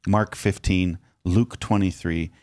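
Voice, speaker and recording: A man, a pastor and podcast co-host, reading scripture aloud in an earnest, steady way with occasional halting fillers. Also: low voice, dry recording, clean studio sound.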